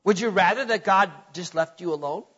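A man's voice: high voice, fairly quick, a bit bright, husky. A middle-aged man preaching a sermon with emphatic, dramatic swings in volume and pace, recorded with dull lo-fi sound and a long hall reverb.

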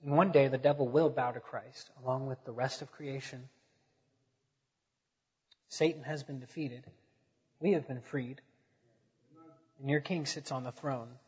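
A man delivers a sermon in a slightly husky voice, building to loud emphatic peaks before falling back to a hush. The sound is dull and muffled, carried on the long reverb of a large church hall. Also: mid-range voice, fairly even intonation, unhurried, long pauses. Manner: preaching with swells in volume, then dropping quiet. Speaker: preacher. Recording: dull echoey sanctuary recording.

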